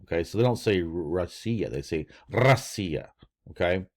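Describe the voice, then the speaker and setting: Older guy with a really low voice, rambly teacher, lots of ums. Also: expressive, fast talker, a little mellow. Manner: rambling, many fillers and restarts. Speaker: language teacher. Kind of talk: casual screen-share lesson.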